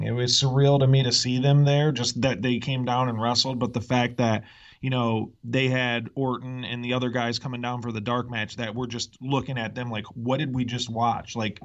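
A man's voice: medium pitch, fairly bright tone, highs cut off. A man talking as a podcast guest, rambling and chatty, leaning heavily on "like.". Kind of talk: casual chat.

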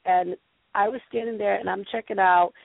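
A woman's voice: medium pitch, fairly even intonation, moderate pace, gravelly. A woman hosting a casual call-in show, telling rambling stories full of filler words. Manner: rambling storyteller, many fillers. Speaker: show host. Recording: tinny phone-line audio with faint noise.

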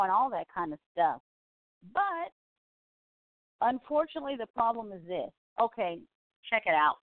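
A woman's voice: medium pitch, dry recording. A woman from California hosts a live online show and talks in a loose, chatty ramble full of asides. Her voice comes through thin and tinny, like a phone line, with a dry, close sound. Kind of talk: casual rambling commentary.

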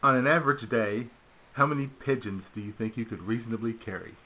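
Quick-paced and medium in pitch, this man runs a casual talk radio show, throwing out upbeat quiz questions and laughing readily. The recording sounds tinny, like a phone.

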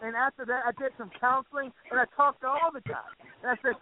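A man's voice: very high voice, fairly even intonation, fast, slight background noise. A man delivering a preachy wrestling promo over a tinny phone line. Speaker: wrestling persona.

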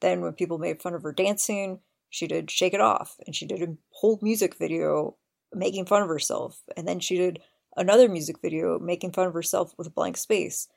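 Low, gravelly-voiced female podcaster. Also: steady tone, brisk, darkish tone. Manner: eager, admiring, recounts scenes in detail. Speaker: podcast host. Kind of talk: casual chat.

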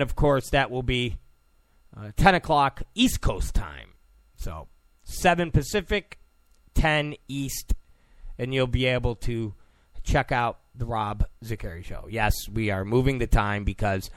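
A man's voice: medium pitch, fairly bright tone, dry recording. Rambling sarcastic male talk show host. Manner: loose, rambling, sarcastic, with many fillers. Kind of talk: casual political talk show monologue.

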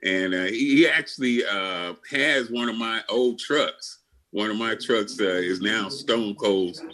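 A man's voice: fairly low pitch, measured pace, bright, forceful tone. An older man telling his story as a podcast guest, blunt and full of swearing, often restarting his sentences. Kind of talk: casual interview storytelling.

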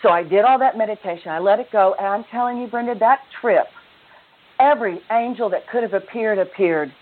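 A woman's voice: mid-range voice, fairly quick. A woman author and self-love teacher, a guest telling her story in earnest, with the odd laugh. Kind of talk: conversational interview storytelling. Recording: narrow phone-line sound.

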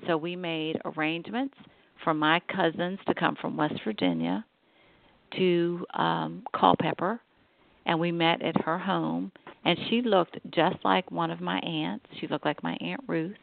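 A middle-aged woman tells her family story with a gravelly edge to her voice. She talks conversationally and acts out the people she quotes. The sound is tinny and dry, like a phone line. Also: lowish voice, no echo. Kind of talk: personal storytelling.

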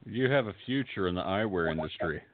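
A middle-aged man co-hosting a casual chat, trading dry, deadpan jokes. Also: sits low, fairly quick, dry recording, narrow, tinny audio. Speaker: podcast co-host.

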